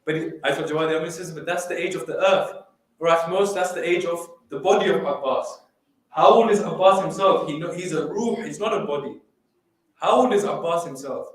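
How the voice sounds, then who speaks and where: A man giving a dramatic sermon, telling stories and reciting Arabic quickly. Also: a little high. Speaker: majlis speaker. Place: mosque hall. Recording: echoey hall, distant mic.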